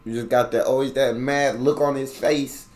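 A man's voice: mid-range voice, steady tone, moderate pace, darkish tone. Male reaction host, from the US, playful slangy delivery, mid-range voice. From United States. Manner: slangy, playful, teasing, mimics words back. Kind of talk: casual reaction commentary.

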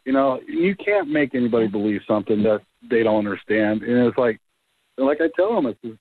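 A man calls in to tell his ghost investigation stories, animated and quick to act out everyone he quotes. His voice comes through a thin, tinny phone line with a dry, close sound. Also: medium pitch, no room sound. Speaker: paranormal investigator guest. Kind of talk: casual phone interview storytelling.

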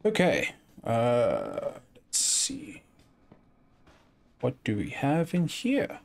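A man's voice: mid-range voice, wildly swooping pitch, very slow, gravelly. A man giving let's play commentary, chatting and muttering to himself as he plays a video game. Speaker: gaming YouTuber.

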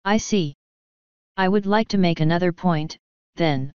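A woman's voice: on the low side, darkish tone, smooth, no echo, dull audio, close to an everyday voice. A woman doing a formal, courteous royal lady. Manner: measured and courteous. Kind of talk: audiobook reading of fan fiction.

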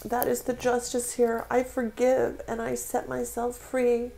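Slow, gravelly-voiced woman reading tarot. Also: on the high side, completely flat delivery, mellow. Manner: slow, emotional, spiritual. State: tearful. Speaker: tarot reader.

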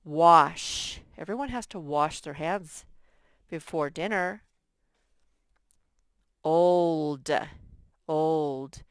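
Slowly and with great patience, a female teacher works through a first-grade workbook, sounding out every word for little kids. Her voice is slightly low, smooth and clear, recorded up close and dry.

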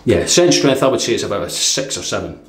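Brief: rambling, easygoing Scottish guy, lowish voice, recorded in a roomy space at home. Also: expressive, quick pace, crowd noise. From Dundee, Scotland. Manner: chatty and rambling, with filler words and chuckles. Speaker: shaving vlogger. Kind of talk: casual product review. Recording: echoey room.

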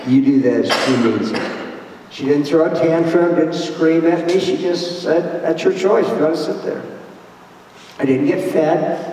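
A man's voice: fairly high pitch, mellow, far from the mic, slight background noise. Plainspoken man in an echoey church hall. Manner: plainspoken, storytelling with quoted dialogue. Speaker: conference speaker. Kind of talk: church conference talk on parenting.

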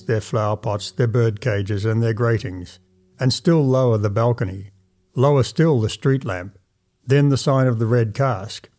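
A man narrating an old first-person story as a measured, formal audiobook reading. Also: medium pitch, warm tone.

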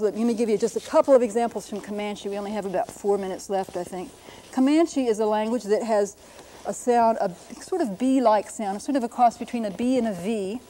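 With a fairly high yet dark-toned voice, a middle-aged female linguist teaches about writing systems in a lecture format. She explains patiently and adds gentle touches of humor.

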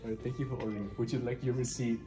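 A deadpan drive-thru cashier, as a man puts him on, runs through the order with stiff politeness. The voice sits in a roomy, echoey space. Loud music plays behind him. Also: mid-range voice, very fast, far from the mic, close to an everyday voice. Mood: polite.

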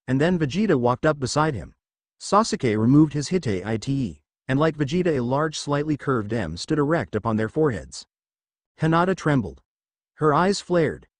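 A man narrates an action fan-fiction story in a steady storytelling read, his pitch moving in a lively way at a middle level. The sound is dry and close to the mic. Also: no room sound. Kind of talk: reading fan fiction aloud.

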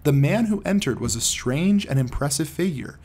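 Husky-voiced man reading a classic tale. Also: fairly high pitch, lively intonation, moderate pace, darkish tone. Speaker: audiobook narrator. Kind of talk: scripted narration of a classic story.

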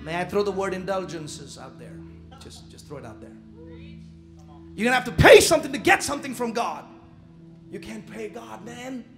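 Man, pastor, very high voice, live church sermon, shouts and quiet asides, faint music behind. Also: normal speed, long pauses. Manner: animated preaching, shouting and dropping to asides; casual slang, laughs at own jokes.

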